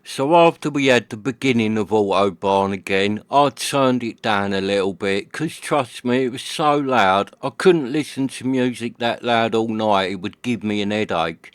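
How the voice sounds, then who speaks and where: A man's voice: lowish voice, moderate pace, few pauses, smooth, no room sound. A man from the UK, a hifi vlogger telling a chatty, slangy story about his night at home. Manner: chatty, slangy, acts out his friend's and his own lines. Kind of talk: casual storytelling monologue. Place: home living room.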